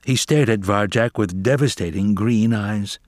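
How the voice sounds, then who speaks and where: With a lowish voice, a man performs scripted audiobook narration of a children's novel, keeping a measured, expressive storytelling pace. There's no room sound, just clean studio audio.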